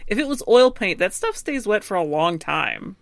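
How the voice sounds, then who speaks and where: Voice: medium pitch, big pitch swings, normal speed, gravelly, no room sound. Dry, close co-host recapping plot. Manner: chatty, narrates plot with quoted lines. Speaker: podcast co-host. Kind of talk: casual recap chat.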